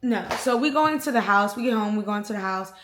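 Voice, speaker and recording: A young adult woman vlogger telling an animated, slangy storytime with sound effects. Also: mid-range voice, quick pace, soft background music. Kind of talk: storytime vlog. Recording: roomy echo.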